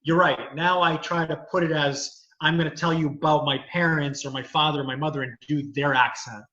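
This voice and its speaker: A man with a fairly high, bright voice lays out his thinking at length, easy and conversational. His voice rings in an echoey room and comes through a dull, lo-fi video call. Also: fairly even intonation, brisk. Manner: thoughtful, explains at length. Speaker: comedian, lawyer and actor. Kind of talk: casual video chat.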